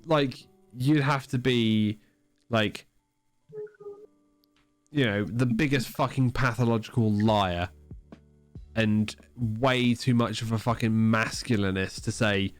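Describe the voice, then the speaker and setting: A man's voice: fairly low pitch, slow, pauses often, no room sound, soft background music. A young man, co-hosting a casual livestream podcast, talking loosely and swearing freely. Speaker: podcast co-host.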